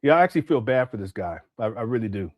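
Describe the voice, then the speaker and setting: A man from Southern California hosting a reaction commentary, talking candidly and animatedly with quick asides and restarts. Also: medium pitch, animated, dry recording, clean studio sound. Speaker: commentator and channel host.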